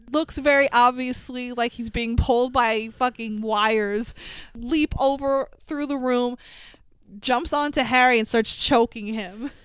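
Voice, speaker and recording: A woman with a fairly high, smooth, clean voice gives a casual movie recap, walking through a film scene by scene with lots of energy and plenty of swearing. She's recorded close to the mic, completely dry, with no room sound.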